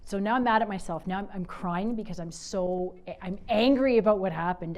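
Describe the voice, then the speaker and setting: Woman, middle-aged, motivational speaker, animated storytelling, loud-to-soft swings. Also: fairly low pitch. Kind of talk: motivational talk.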